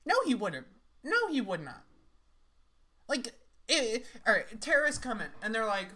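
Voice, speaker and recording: A woman's voice: on the high side, sing-song, unhurried, long pauses, sharp tone. A young woman making sarcastic, laughing, rambling comments as she reacts to clips.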